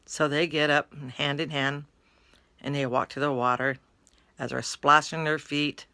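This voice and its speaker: Bright-voiced woman telling a story. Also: deep voice, flat delivery, unhurried, clear, resonant tone, no echo. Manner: chatty, retelling with "he goes, she goes". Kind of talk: casual spoken storytelling.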